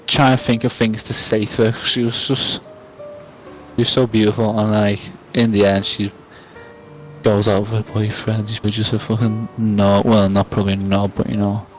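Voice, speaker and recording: A man's voice: fairly low pitch, level tone, normal speed, faint music behind, poor audio. Tipsy, rambling young man. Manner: rambling, self-mocking, swears a lot. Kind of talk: casual storytelling to camera.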